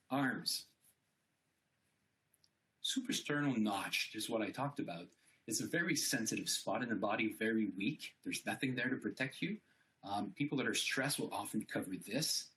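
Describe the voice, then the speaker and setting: Low-voiced man explaining speaking tips. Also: fairly bright tone. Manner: explanatory, demonstrates voice examples, frequent fillers. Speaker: conference speaker. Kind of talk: informal presentation.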